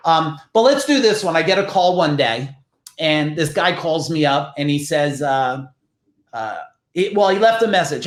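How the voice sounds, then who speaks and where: Man, podcast guest, higher-pitched, emphatic storyteller who curses, roomy echo. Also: animated, moderate pace. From New Jersey. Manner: emphatic, swears freely, acts out quoted voices. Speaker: podcast guest, business founder. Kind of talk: casual storytelling.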